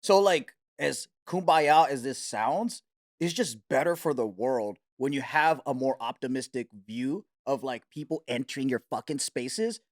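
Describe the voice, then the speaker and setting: A man on a comedy talk show, telling animated stories full of swearing and acted-out voices, recorded on a studio mic. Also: medium pitch, measured pace. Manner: animated storyteller, swears a lot, acts out voices. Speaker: commentator. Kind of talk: casual comedy chat.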